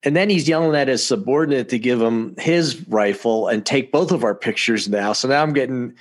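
Here a man from the United States, guesting on a talk show, tells his anecdotes fairly quickly in a medium-pitched voice. It's relaxed podcast storytelling, lively and punctuated by frequent chuckles.

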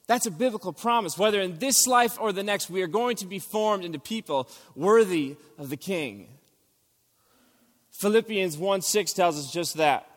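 A man's voice: high voice, lively intonation, normal speed, big-room sound. A man preaching a sermon as pastor, earnest and rising for emphasis. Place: church sanctuary.

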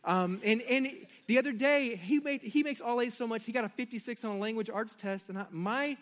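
A man's voice: very high voice, fairly quick. A middle-aged man, a pastor, preaching a sermon and telling family stories directly to his congregation. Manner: storytelling, animated, addresses the congregation directly.

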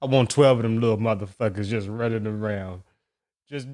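A young man hosting a podcast, telling a story in an animated, profane, slang-heavy solo rant. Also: lowish voice, moderate pace. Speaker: podcast host.

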